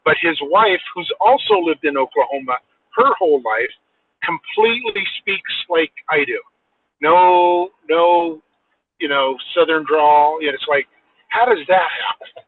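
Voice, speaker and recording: A man tells a story in a rambling way, leaning on "you know" between thoughts. His voice sits fairly high. It comes through thin and tinny, like a phone call. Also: sing-song, dry recording, distant mic. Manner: rambling, pauses with 'you know'. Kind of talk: casual chat.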